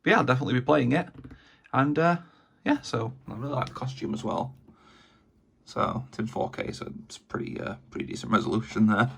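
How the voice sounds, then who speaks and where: Hoarse, gravelly-voiced man vlogging. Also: mid-range voice, lively intonation, fairly quick, a bit bright. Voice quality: raspy, gravelly. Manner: rambling, hesitant with many fillers. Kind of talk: casual vlog while gaming.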